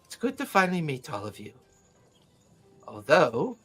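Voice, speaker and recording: A man voicing a gentle, courteous elderly male mystic in a tabletop game. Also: on the high side, huge pitch swings, faint music behind, exaggerated voice. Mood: gently probing. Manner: courteous, unhurried, gently mocking.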